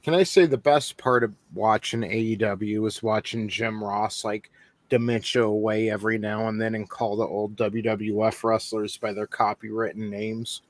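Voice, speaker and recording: A man's voice: lowish voice, flat delivery, moderate pace. A man hosting a podcast, wry and grumbling in casual chat as he reviews old shows. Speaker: podcast host.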